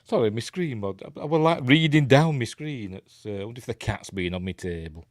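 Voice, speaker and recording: A man's voice: medium pitch, fairly quick, dry recording, studio quality. A tired man with a Yorkshire accent hosts a casual live news stream, rambling, breaking off mid-sentence and laughing often.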